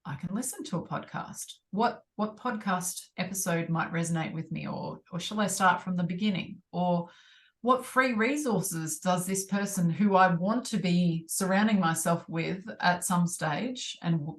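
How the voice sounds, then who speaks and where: A woman with a slightly low voice co-hosts a podcast. She speaks in a thoughtful, encouraging, steady manner, in easy conversational chat. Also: unhurried. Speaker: podcast co-host.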